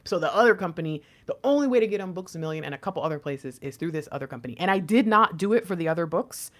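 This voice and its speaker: A woman reads tarot cards in a casual, chatty way. Her pitch swings widely as she talks, and she slips into slangy, joking asides and frequent laughter. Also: expressive, racing. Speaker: tarot reader.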